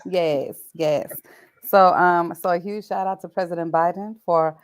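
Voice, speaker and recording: A woman's voice: lowish voice, fairly even intonation, a little slow. A woman co-hosting a casual podcast, reading out news stories and riffing on them with frequent laughs. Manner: laughs often, riffs on the headlines she reads. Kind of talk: casual chat.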